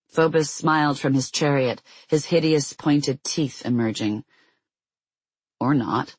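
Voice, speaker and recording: An audiobook narrator reading a fantasy novel in a steady, measured storytelling voice on a close mic. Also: medium pitch, breathy edge, dry recording, rough recording.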